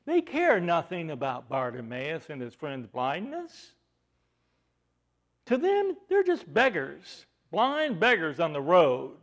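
A male preacher with a high voice that leaps up and down as he retells a story. He fires rhetorical questions at the congregation and swings from loud emphasis to hushed asides. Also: wildly swooping pitch, slow. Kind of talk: sermon.

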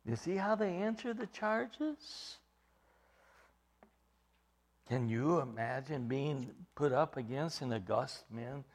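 Emphatic high-pitched male preacher. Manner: emphatic, rises to loud stresses then drops to quiet asides. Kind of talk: sermon.

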